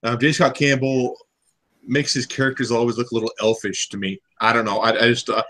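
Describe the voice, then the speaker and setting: A man's voice: mid-range voice, little pitch movement, brisk, fairly bright tone, poor audio. Hesitant man hosting a comic chat. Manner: hesitant, many "um"s and repeated words. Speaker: comic podcast host. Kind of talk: casual chat reviewing comics.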